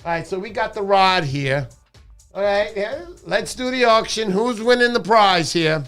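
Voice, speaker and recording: A middle-aged man hosting a casual livestream, playful and jokey with loud bursts of excitement. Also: high voice, normal speed, smooth, soft background music. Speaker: livestream host.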